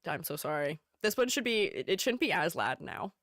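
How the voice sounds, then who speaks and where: A woman's voice: sits low, very animated, fairly quick, fairly bright tone, dry recording, studio quality. A woman VTuber streaming, chatting casually and playfully, often giggling and talking to herself. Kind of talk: casual livestream chat.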